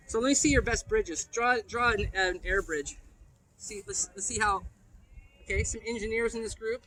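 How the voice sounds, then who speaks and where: A man's voice: sits high, bright, forceful tone. A man leading a playful children's message as pastor, asking the kids questions in church. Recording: noisy live room recording.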